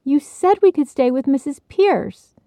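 A woman voicing an excitable, bossy little girl who talks with emphatic indignation in a storybook reading. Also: medium pitch, a little slow, vocal fry, no room sound, clean studio sound.

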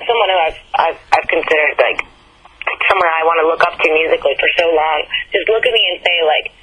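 A man's voice: a little high, fast talker, slightly rough, muffled recording. A young man, a singer, talking earnestly in a casual interview, with lots of likes and you-knows. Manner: eager, earnest, filler-heavy. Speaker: singer, contestant guest.

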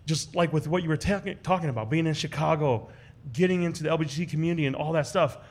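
A man telling a personal story in a casual way to a live audience at a restaurant event, slipping into the voices of the people he quotes. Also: fast talker. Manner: animated, acts out quoted voices with big jumps in pitch. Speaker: guest storyteller on a live podcast show.

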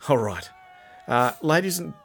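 Hammy Australian comic announcer. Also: male voice, on the high side, expressive, measured pace, gravelly, fairly bright tone, faint music behind. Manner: hammy, blustering, over-the-top announcer. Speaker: comedic sketch narrator playing an official. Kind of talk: comic sketch monologue.

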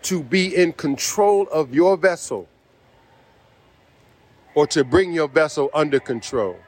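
A man delivering a sermon in an emphatic, repetitive preaching manner. His voice sits a little higher than most men's, and he keeps tossing in "see" as he drives his points home. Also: animated, slow.

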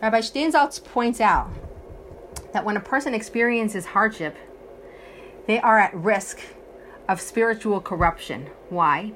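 A woman's voice: medium pitch, fairly bright tone, a little hiss or hum. A woman teaching a religious text lesson, earnestly explaining it phrase by phrase. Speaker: Torah teacher.

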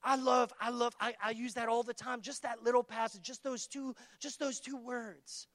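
A man with a very high, bright voice delivers a sermon. He preaches emphatically, repeating phrases and calling out to the congregation, recorded dry and close. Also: steady tone, moderate pace, no echo. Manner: emphatic, repetitive call-and-response preaching.

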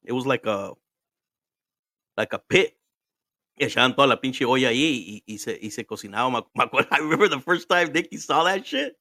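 A man with a Mexican accent tells family stories in a loose, profane podcast chat. His voice is bright and forward, and he slips between English and Spanish mid-sentence with frequent laughs. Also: mid-range voice, lively intonation, quick pace, dry recording, clean studio sound. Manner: swears freely, switches between English and Spanish, laughs often. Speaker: podcast host. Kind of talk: casual storytelling chat.

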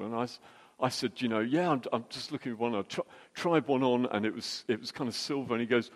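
Brief: middle-aged male preacher, anecdotal and jokey, mid-pitched, long hall reverb. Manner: anecdotal and jokey, quick restarts. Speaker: church speaker. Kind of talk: storytelling sermon.

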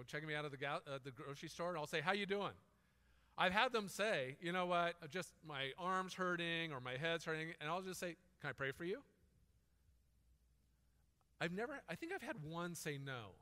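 Bright, high-voiced male preacher. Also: long reverb tail. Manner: storytelling, conversational preaching. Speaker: pastor. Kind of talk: sermon.

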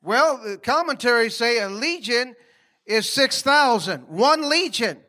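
A man preaching a sermon in a high, bright voice. He talks in a folksy, conversational way, with laughing asides, and keeps asking the congregation questions. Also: expressive, measured pace.

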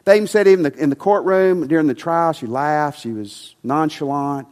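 Male pastor, sermon delivery, emphatic, a little high voice, reverberant sanctuary. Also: moderate pace. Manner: emphatic, rising to passionate preaching then dropping soft. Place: church sanctuary.

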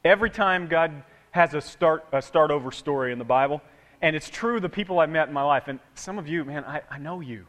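A man preaching a sermon in a conversational way, swinging from loud repeated words down to hushed asides. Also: on the high side, fairly quick. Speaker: pastor. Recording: long hall reverb.

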